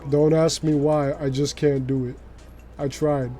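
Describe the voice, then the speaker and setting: A man chats casually as he streams a game, animated and full of fillers. His voice is fairly high for a man but sounds mellow and warm. Soft music sits faintly behind him. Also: unhurried. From New York City. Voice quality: chatty and animated, heavy use of filler words. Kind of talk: casual live-stream commentary.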